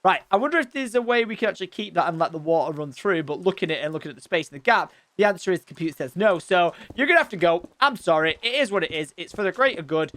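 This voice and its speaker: A young man commenting on his Minecraft building session in chatty, excitable talk with frequent exclamations. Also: high voice, fast, few pauses, dry recording. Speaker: gaming YouTuber. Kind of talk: Minecraft let's play commentary.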